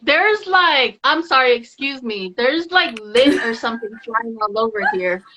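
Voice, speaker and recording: A woman's voice: fairly high pitch, expressive, measured pace, sharp tone. A woman hosting a live podcast, talking in an upbeat, chatty way and often repeating herself. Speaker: podcast host. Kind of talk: casual live-stream chat.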